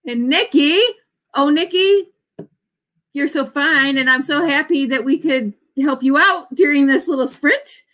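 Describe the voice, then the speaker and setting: A woman's voice: sits high, a little slow, a bit bright. A woman in her forties, an author hosting a writing sprint livestream in a casual, bubbly way, often cheering her viewers on with whoops. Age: 40s.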